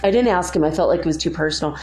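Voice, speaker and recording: A woman's voice: low-pitched, rapid-fire, darkish tone, faint music behind. A middle-aged woman hosting a spiritual talk, telling a story in a rambling, chatty way with many fillers. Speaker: spiritual video host. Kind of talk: casual storytelling monologue.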